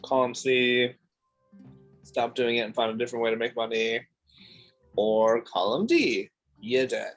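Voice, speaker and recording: A man speaks in character during a tabletop role-play session. He sounds diplomatic and sets out his options one after another in a deliberate way. Faint music plays in the background. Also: mid-range voice, expressive, poor audio. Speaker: tabletop game player.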